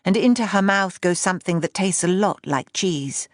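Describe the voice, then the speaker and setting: A woman with a fairly low voice narrates an audiobook in a measured, even reading. The studio sound is clean, with no room sound.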